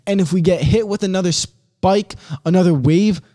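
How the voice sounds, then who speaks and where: Dude ranting solo on his podcast, swears a lot, says bro, kinda higher voice for a guy. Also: normal speed, warm tone. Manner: blunt, swearing, slangy, fired-up. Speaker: podcast host. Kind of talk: casual solo podcast rant.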